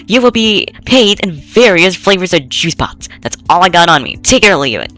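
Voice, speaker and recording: A woman's voice: lowish voice, sing-song, normal speed, fairly bright tone, soft background music, pitched above the performer's own voice. A woman voicing an upbeat teenage girl in a visual novel, eager and pleading as she asks a friend for help. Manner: bubbly, pleading.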